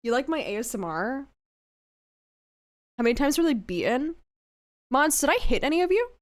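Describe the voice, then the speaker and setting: A woman's voice: high-pitched, big pitch swings, normal speed. A young woman streaming casually to her chat, giggly and prone to squealing laughter, swearing freely. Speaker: VTuber streamer. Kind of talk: casual livestream chat with viewers.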